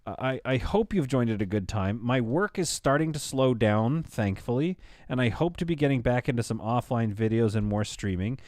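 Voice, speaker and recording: A man's voice: medium pitch, animated, moderate pace, hardly any pauses, a little mellow, no echo, clean studio sound. A man in his thirties chatting casually on a live stream, tired from staying up all night, joking and rambling to his viewers. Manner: joking, rambling, talks to chat.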